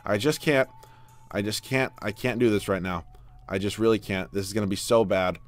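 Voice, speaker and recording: A young man giving live video game commentary, exasperated and swinging from low muttering to loud yelling. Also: normal speed, dry recording. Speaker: gaming YouTuber. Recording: dry close mic with faint background music.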